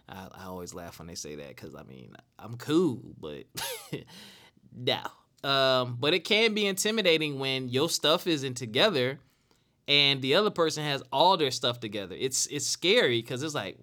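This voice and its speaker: A man's voice: mid-range voice, expressive, moderate pace, sharp tone. A man in his late thirties hosting a casual solo talk show, earnest and repeating phrases for emphasis. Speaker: podcast host.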